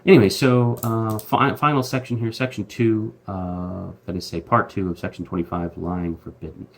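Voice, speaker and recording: A man's voice: lowish voice, level tone, normal speed, creaky. A man hosting a casual Bible commentary, talking in a chatty, slangy way with lots of fillers and restarts. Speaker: host.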